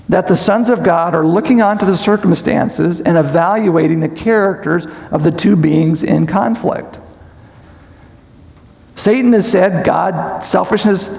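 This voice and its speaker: A man's voice: sits high, creaky, a little mellow, big-room sound. A man preaching a Bible study sermon at a conference, asking the audience questions and explaining step by step. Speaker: conference speaker. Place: large conference hall.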